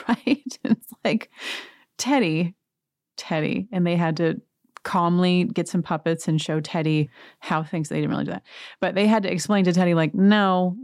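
Woman podcast host with a lowish voice, gossipy and wry, dry close recording. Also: warm tone, dry recording. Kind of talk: casual reality-TV recap.

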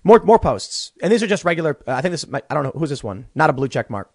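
Animated young man ranting, lively pitch. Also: fast talker, dry recording, studio quality. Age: young adult. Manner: animated, stammering repeats. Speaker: political commentary host. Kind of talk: ranting commentary. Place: small closet studio.

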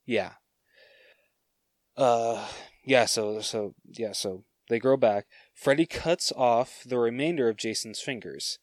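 A man hosting a podcast, laying out a story pitch in casual chat, with hesitations and fillers. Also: takes it slowly, no room sound, studio quality. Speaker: podcast host. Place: podcast studio.

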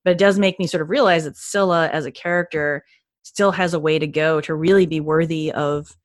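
A woman co-hosting a podcast, chatting enthusiastically with many quick restarts. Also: sits low, fairly even intonation, dry recording, clean studio sound. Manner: enthusiastic, gushing, frequent restarts. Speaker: podcast co-host. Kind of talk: casual podcast chat.

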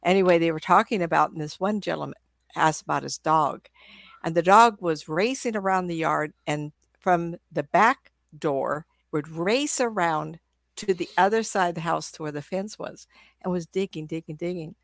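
An older woman tells lively stories as a guest on a video call from home. Her voice is a bit low for a woman and sounds dry and close to the mic. She talks in an animated, chatty way, laughs often, and keeps restarting her sentences. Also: moderate pace, creaky, dry recording. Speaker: psychic medium guest. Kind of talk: casual interview storytelling.

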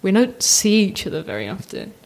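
A young woman, a podcast guest chatting casually, self-mocking and animated, acting out what others say. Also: medium pitch, fairly quick, creaky. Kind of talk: casual chat.

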